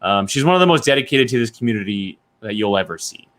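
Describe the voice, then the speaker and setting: A young man hosts a live-streamed podcast and chats with his co-hosts. His voice is bright and forceful, and his pitch jumps around as he gets excited. He laughs often and keeps the talk moving. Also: fast. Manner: animated, laughs often, chatty. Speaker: podcast host. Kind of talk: casual live-stream chat.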